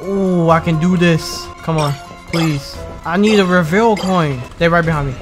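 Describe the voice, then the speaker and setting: A man giving excitable commentary on his game playthrough, yelping and pleading as things go wrong. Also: a little high, a little slow. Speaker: gamer. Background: game music.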